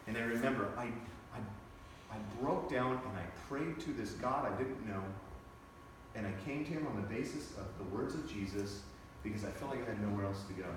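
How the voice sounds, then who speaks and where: An earnest young man tells his personal testimony, swinging between quiet reflection and intense, emphatic bursts. His voice sits at a middle pitch and is heard from a distance. A heavily reverberant space surrounds it. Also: slight background noise. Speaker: speaker giving a testimony. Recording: very echoey, distant from the mic.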